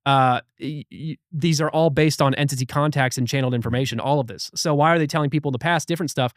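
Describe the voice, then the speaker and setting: A man's voice: fairly high pitch, quick pace, dry recording, clean studio sound. A man guest on a podcast, chatting casually and telling stories with acted-out quotes. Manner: animated storyteller who acts out quotes. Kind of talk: casual chat.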